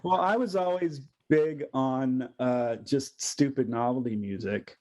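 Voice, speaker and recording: A middle-aged man and voice actor in a casual interview, telling stories with lots of laughter and quick voice imitations. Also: medium pitch, darkish tone. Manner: chatty storyteller, laughs often, mimics other people's voices.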